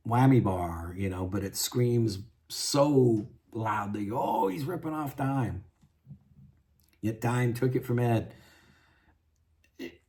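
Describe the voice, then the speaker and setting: A guitar vlogger with a medium-pitched, dark-toned voice vents at length, his frustrated rambling broken by restarts, side remarks, and plenty of "you know".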